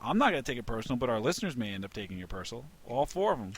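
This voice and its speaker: A man's voice: mid-range voice, very animated, rapid-fire, husky. A man co-hosting a casual podcast, talking emphatically, swearing freely and restarting his sentences. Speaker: podcast co-host. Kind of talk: casual banter.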